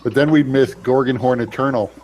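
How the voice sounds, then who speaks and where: A man's voice: mid-range voice, fairly even intonation, fairly quick, a little mellow, low-quality recording. A man playing a tabletop game, chatting casually and joking around. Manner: joking, playful. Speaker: player.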